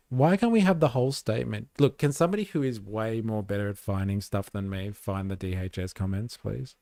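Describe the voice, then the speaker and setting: Mellow-voiced guy streaming, sarcastic and sweary, laughs a lot, dry close mic. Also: on the low side, a little fast, vocal fry, few pauses, no echo. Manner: sarcastic, profane, laughs often. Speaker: live-stream host. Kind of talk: casual live-stream commentary.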